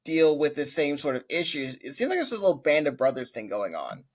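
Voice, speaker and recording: A man hosting a casual interview, curious, adding quick reactions and his own coding experience. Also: a little high, sing-song. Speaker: podcast host, coding bootcamp teacher.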